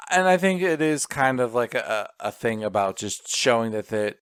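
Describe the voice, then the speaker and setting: A man's voice: mid-range voice, animated, moderate pace, a bit bright, a little hiss or hum. A man co-hosting a podcast, thinking aloud with a hesitant manner as he discusses a film. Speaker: podcast co-host. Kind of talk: casual film review chat.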